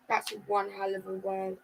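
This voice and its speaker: A woman's voice: mid-range voice, vocal fry, heavy background noise. A woman hosting a live football watchalong, pleading and fretting anxiously as she reacts to the match. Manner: anxious, pleading fan chatter. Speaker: livestream watchalong host.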